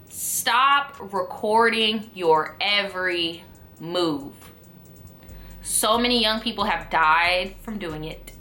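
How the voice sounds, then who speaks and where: A woman's voice: fairly high pitch, bright, forceful tone. A young woman from New York, a vlogger ranting casually to camera, blunt, sassy and full of profanity. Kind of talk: casual opinion rant to camera.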